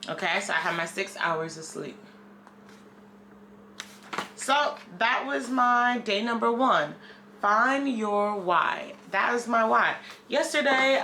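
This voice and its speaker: A woman's voice: medium pitch, bright, forceful tone, a little hiss or hum. A woman vlogger talking candidly in a casual, rambling video diary.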